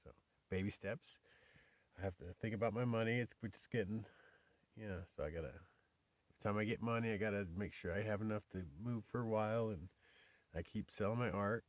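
Male vlogger, low-pitched, dry close sound, loose rambling delivery that slips into whispers. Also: a little fast, no echo. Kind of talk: casual rambling vlog. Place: outdoors in the desert.

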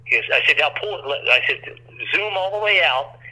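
A man's voice: a little high, lively intonation, fairly quick, sharp tone, breathy edge. A man telling a long, rambling story as an interview guest, acting out quoted voices, over a phone line.

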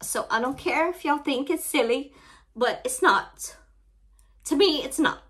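A woman with a Louisiana Southern accent hosting an unboxing vlog, her voice shaky as she holds back tears, talking softly and haltingly with many fillers. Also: high voice. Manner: soft, halting, full of fillers. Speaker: craft channel host.

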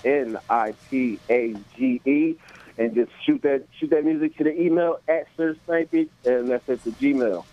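A man's voice: medium pitch, normal speed, a little hiss or hum. A man calling in, laid-back and laughing, spelling out his handle. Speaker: caller, music curator. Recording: dull phone line.

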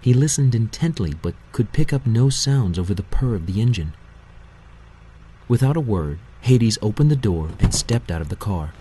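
A man narrating a novel in a measured, steady audiobook reading. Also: fairly low pitch, a little hiss or hum, low-quality recording.

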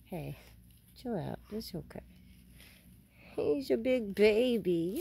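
A woman's voice: mid-range voice, very animated, slow pace, creaky, long pauses. A woman breeder talking soothingly and coaxingly to an anxious puppy in casual baby talk. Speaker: dog breeder. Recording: noisy background.

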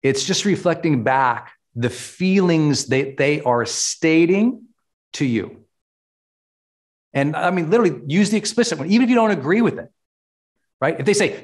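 Man, middle-aged, personal development coach, motivational talk, emphatic, slightly high pitch. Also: very animated. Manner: emphatic, slows down to stress key words.

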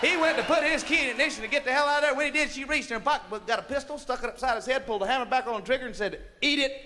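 High-voiced, rowdy stand-up comic. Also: male voice, racing. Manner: profane, rowdy storytelling. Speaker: stand-up comedian. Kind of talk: crude stand-up comedy. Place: nightclub stage. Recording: live club audience, noisy vinyl.

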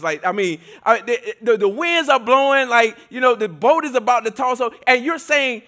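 Male preacher with a high voice, delivering a church sermon in a conversational, emphatic style. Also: animated, normal speed, few pauses. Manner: conversational and emphatic, often shifting between loud and soft. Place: church service.

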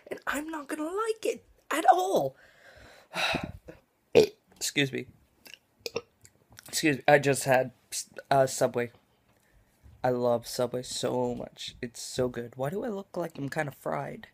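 A tired young adult rambling in a casual home vlog, jumping between loud outbursts and mumbled asides in a dim room, recorded on a camera mic. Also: medium pitch, animated, measured pace, long pauses. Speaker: gaming vlogger.

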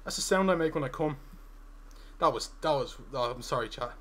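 A man's voice: medium pitch, brisk, a bit bright. A young man, chatting and joking casually through a live gaming stream while he reads out viewer messages.

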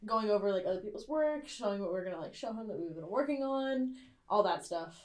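A woman's voice: medium pitch, expressive, brisk, darkish tone. A woman improvising her character in a tabletop game, talking in a casual, chatty way. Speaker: player. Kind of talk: improvised role-play. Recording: echoey room.

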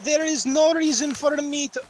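A man's voice: very high-pitched, normal speed, a loud crowd. A woman putting on a meek foreign "Goody Boy". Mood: earnest. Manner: broken English, pleading, vaguely foreign put-on accent. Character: meek foreign man calling himself a good boy. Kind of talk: in-game role-play with friends.

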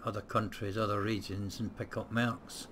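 A man's voice: on the low side, little pitch movement, normal speed, noisy background. A man hosting a casual let's-play, thinking aloud as he plays, with frequent hesitations and the odd blunt swear word. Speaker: gameplay host.

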